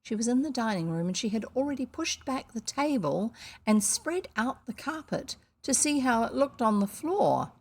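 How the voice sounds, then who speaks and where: A woman's voice: fairly high pitch, lively intonation, moderate pace, darkish tone, slightly rough. A woman from New Zealand reading a children's novel aloud, breaking off for casual asides describing the pictures. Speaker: storybook reader.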